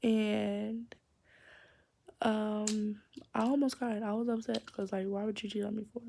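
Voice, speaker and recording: Teen girl vlogger, casual storytime delivery, mellow tone, slips into whispers. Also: mid-range voice, flat delivery, unhurried, gravelly, a little hiss or hum. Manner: chatty, rambling, drops into whispers for secrets.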